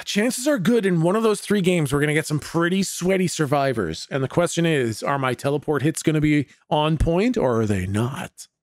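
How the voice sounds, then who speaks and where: A man's voice: on the high side, lively intonation, moderate pace, no room sound, studio quality. A Canadian man casually chatting with his viewers while streaming a game, laid-back and chatty, with frequent laughs and some swearing.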